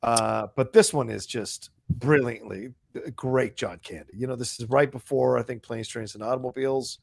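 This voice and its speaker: Gravelly-voiced man in casual chat. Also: medium pitch, fairly even intonation. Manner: enthusiastic, swearing, quick reactions. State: stuffed up. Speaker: podcast co-host.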